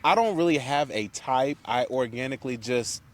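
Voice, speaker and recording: Male podcast co-host, average pitch, relaxed listener who offers thoughtful casual takes. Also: moderate pace. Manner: mostly listens with short backchannels, relaxed reflective opinions. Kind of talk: casual chat.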